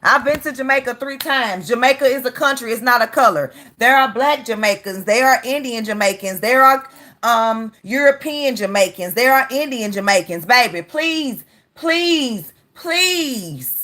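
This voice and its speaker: A woman's voice: on the high side, moderate pace, bright, forceful tone. A woman hosting a reaction video, giving casual, emphatic commentary and repeating herself for effect.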